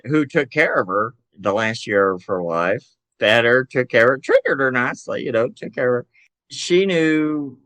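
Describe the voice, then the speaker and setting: An older man with a Southern American accent, telling animated family stories as a podcast guest and acting out voices. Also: medium pitch, no room sound. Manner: animated storyteller who acts out relatives' voices. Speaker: podcast guest, psychic medium and author. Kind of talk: casual storytelling interview.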